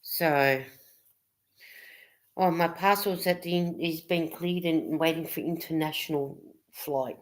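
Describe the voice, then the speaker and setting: A woman's voice: low voice, takes it slowly, pauses often. A woman co-hosting a casual livestream chat, reading viewers' comments aloud and laughing often.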